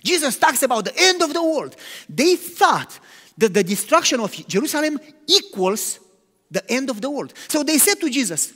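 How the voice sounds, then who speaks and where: A man preaching a sermon, animated, swinging between loud emphatic lines and hushed, quiet ones. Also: extremely high pitch, moderate pace. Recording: long hall reverb.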